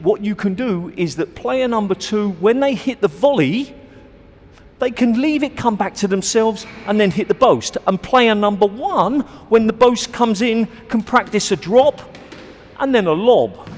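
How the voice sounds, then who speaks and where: On a squash court, a man coaches, explaining and demonstrating shots for an instructional video in a chatty, self-deprecating manner. His voice is high and a little mellow, with the sound of a big room around it.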